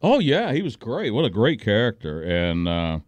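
A man's voice: lowish voice, huge pitch swings, normal speed, dry recording. A man hosting a radio show, chatting and joking with his co-host in the studio. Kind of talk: casual radio chat.

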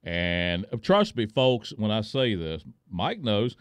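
A man's voice: lowish voice, slow pace, clear, resonant tone, no room sound. Chatty man hosting a radio show. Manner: lively, joking, chatty. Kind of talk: casual radio chat. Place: radio studio.

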